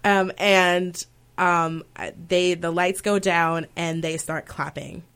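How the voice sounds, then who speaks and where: A woman's voice: lowish voice, slow pace, clean tone. A woman who sings opera, talking as an interview guest and telling stories with emotion. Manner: emotional, animated storytelling with laughter. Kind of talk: conversational interview storytelling.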